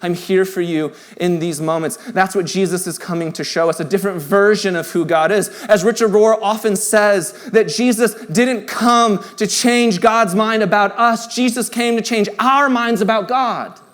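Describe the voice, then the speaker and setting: A man in his thirties preaching a sermon in a church, earnest and conversational, rising to emphatic points and dropping to quiet, tender passages. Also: sits high, normal speed, few pauses. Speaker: pastor. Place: church sanctuary.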